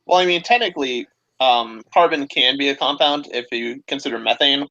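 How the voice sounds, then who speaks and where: A man making quick remarks in a casual group video chat. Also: mid-range voice, sharp tone. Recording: dull lo-fi line with faint hiss.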